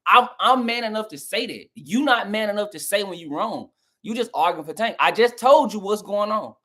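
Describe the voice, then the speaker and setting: A man's voice: sits high, lively intonation, normal speed, fairly bright tone. A young southern man with a Southern American accent, arguing heatedly with his chat on a live stream and mocking their replies. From southern United States. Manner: argumentative, mocking, talks straight to chat.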